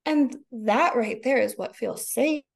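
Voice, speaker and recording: A woman's voice: a little high, takes it slowly, gravelly. A woman in her thirties, a podcast guest, talking casually and expressively, laughing often and acting out her own inner voice. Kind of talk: casual conversation.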